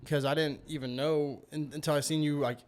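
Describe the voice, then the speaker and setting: A man in relaxed podcast conversation, telling a story with lots of energy. His voice sits a touch high and swings from quiet to animated as he acts out what people said, laughing along the way. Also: fairly quick. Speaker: guest. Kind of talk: casual storytelling chat.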